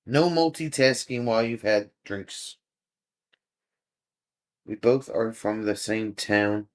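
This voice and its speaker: A man's voice: lowish voice, takes it slowly. Easygoing guy on a livestream, takes his time talking, laughs a lot at chat. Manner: chuckling, easygoing, reads chat aloud. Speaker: livestream host. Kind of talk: casual chat with live viewers.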